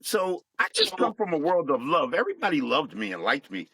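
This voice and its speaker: A middle-aged man telling his life story as a guest, in a plain, reflective, unhurried way. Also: fairly high pitch, huge pitch swings, pushed and bright, slightly rough, no echo, low-quality recording. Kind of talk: personal storytelling.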